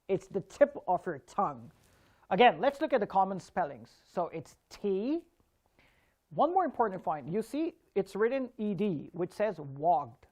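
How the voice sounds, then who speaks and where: A woman's voice: lowish voice, a little mellow. A woman teaching an online English pronunciation lesson, carefully demonstrating sounds in contrasting word pairs.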